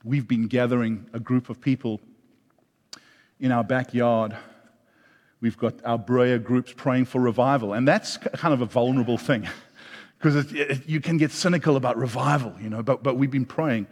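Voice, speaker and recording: A middle-aged man preaching a sermon, animated, rising loud and then dropping soft. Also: mid-range voice, normal speed. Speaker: pastor. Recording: long hall reverb.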